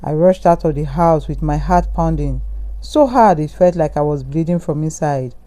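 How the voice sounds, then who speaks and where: A man tells a first-person horror story in a steady, brooding narration. His voice is mellow and dark, with no brightness to it. The delivery is even and measured. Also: on the high side.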